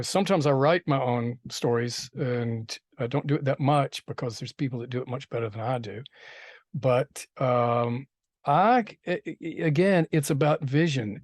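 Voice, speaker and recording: A man's voice: mid-range voice, a little mellow, dry recording. Rambling man director, dry sound. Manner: rambling, frequent restarts and fillers. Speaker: film director. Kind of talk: casual interview storytelling. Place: interview set.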